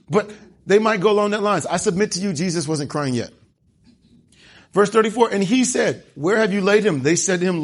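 A man's voice: fairly high pitch, breathy edge. A man preaching a sermon in a conversational way, acting out the dialogue of the scripture passages he reads.

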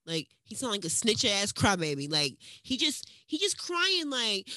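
Woman co-host, lively and bright, dry close sound, rambling, teasing banter. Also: a little high, moderate pace, few pauses, no echo. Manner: animated, rambling, teasing, profane. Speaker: podcast co-host. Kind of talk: casual chat. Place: at home in another city from her co-host.

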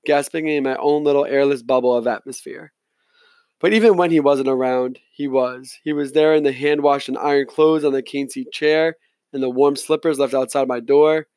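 A man reading a novel aloud in the first person, in a measured, reflective manner, close to the mic. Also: on the high side, darkish tone, no room sound. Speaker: audiobook narrator. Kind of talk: scripted narration, first person.

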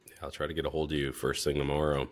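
A man's voice: very deep voice, completely flat delivery, very fast. A man co-hosting a casual podcast, laid-back and agreeable. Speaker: podcast co-host.

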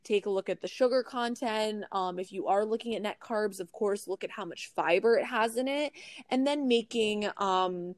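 A woman's voice: medium pitch, normal speed, no echo. A young woman, a podcast guest, giving earnest food advice in a casual chat, with some fillers. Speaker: podcast guest, nutrition creator.

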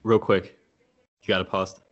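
A man's voice: deep voice, flat delivery, normal speed, dull audio. A man co-hosting a podcast, chatting casually with short, dry interjections over a video call. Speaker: podcast co-host. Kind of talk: casual chat.

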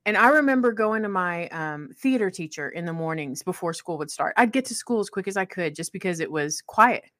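A young woman with a slightly low voice tells a personal story in easy, conversational speech. She is heartfelt and often laughs in the middle of sentences. The sound is close and dry. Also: expressive, brisk, a bit bright, no echo. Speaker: guest telling a personal story.

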